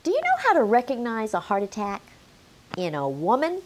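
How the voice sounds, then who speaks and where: A woman's voice: on the high side, huge pitch swings, moderate pace. A middle-aged woman teaching a health lesson straight to camera, emphatic and quizzing the viewer. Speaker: menopause health educator.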